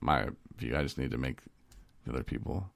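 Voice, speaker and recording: A man's voice: rumbling low, expressive, fairly quick, gravelly, no room sound. A man co-hosting a casual recovery talk show, telling stories with laughs and acting out phone calls in a rambling way. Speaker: podcast co-host. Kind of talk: casual chat.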